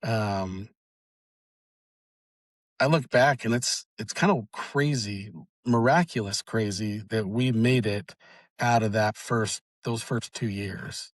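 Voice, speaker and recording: A young man being interviewed about his family's auto repair shop, telling the story in a halting way with many restarts. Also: lowish voice, no room sound. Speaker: guest, auto shop owner's son.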